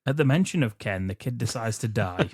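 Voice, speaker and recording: A man's voice: mid-range voice, expressive, moderate pace, a little mellow, husky, no room sound. A man with a mid-range voice walks through a film's plot as a podcast co-host. He is wry and crude and laughs often. The sound is dry and close, with no room around it. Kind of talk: casual chat recapping a film.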